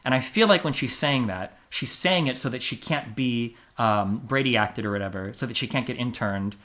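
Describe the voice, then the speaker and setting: A man in his thirties from the United States, a streamer giving blunt, emphatic commentary on a livestream, dropping to muttered asides between loud stressed points. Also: mid-range voice, normal speed. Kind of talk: livestream commentary reading a court transcript.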